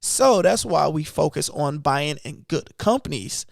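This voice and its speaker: A man's voice: fairly high pitch, lively intonation, measured pace, creaky, no room sound, clean studio sound. A man hosting an investing channel, chatting loosely about his trades in casual speech. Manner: loose and conversational, talking through trades. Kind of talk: casual livestream chat.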